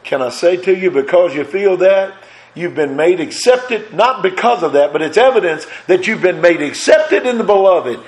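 A man's voice: high-pitched, lively intonation, moderate pace, echoey room, rough recording. A man preaching a sermon in an impassioned cadence that swells and drops.

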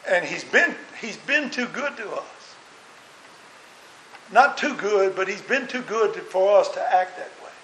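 A man's voice: high-pitched, animated, unhurried, fairly bright tone, slight background noise. A man preaching a sermon as a minister, earnest and full of rhetorical questions. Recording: roomy echo.

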